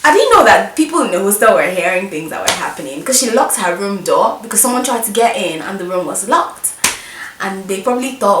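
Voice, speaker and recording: A young woman telling a mischievous story from her school days in an animated, emphatic way. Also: medium pitch, a little fast, background noise. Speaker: vlogger. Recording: roomy echo, distant mic.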